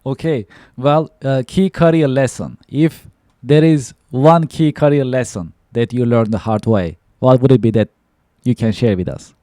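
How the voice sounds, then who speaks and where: A man's voice: medium pitch, unhurried, dark tone, no room sound, studio quality. A man hosting a podcast interview, reading out questions and giving short laughs. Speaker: podcast host.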